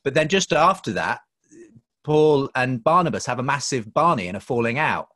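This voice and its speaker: A man's voice: mid-range voice, animated, normal speed, fairly bright tone. A man chatting casually as a church leader, thinking aloud with small restarts. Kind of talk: casual chat. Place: church service.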